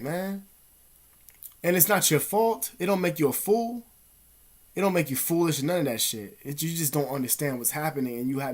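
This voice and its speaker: A man vlogging in a rambling, profane, animated storytelling monologue. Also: on the high side. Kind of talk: casual monologue.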